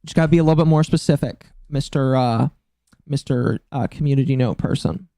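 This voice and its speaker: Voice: mid-range voice, a little fast, mellow, no room sound, clean studio sound. A streamer in their mid-twenties giving casual live-stream commentary, talking bluntly and profanely with a mocking tone that climbs into indignant outbursts. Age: mid-20s.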